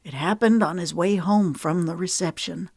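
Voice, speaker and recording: A woman reading the part of a loving former Navy SEAL husband, speaking softly and low in a murmur. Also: normal speed, gravelly, breathy edge, dry recording, clean studio sound. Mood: shaken. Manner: soft-spoken, low and murmuring.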